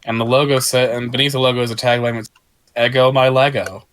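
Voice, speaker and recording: A man narrating a tabletop role-playing game as game master, in a playful, relaxed storytelling manner. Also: mid-range voice, rapid-fire, clean tone, no room sound.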